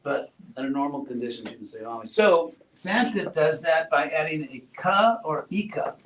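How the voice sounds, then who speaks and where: A man giving a relaxed classroom talk, asking his students questions and adding playful asides. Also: on the high side, normal speed. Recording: roomy echo, far from mic, faint noise.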